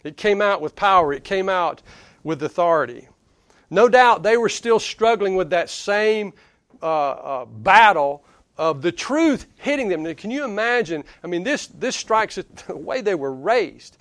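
Southern preacher, conversational and emphatic. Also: male voice, fairly high pitch, animated, a little slow, a bit bright, no room sound. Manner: conversational, emphatic, chuckles between points. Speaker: pastor. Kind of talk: sermon.

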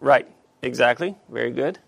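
A man teaching a Bible study class, halting with many fillers and asking the class questions. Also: medium pitch, gravelly, no echo.

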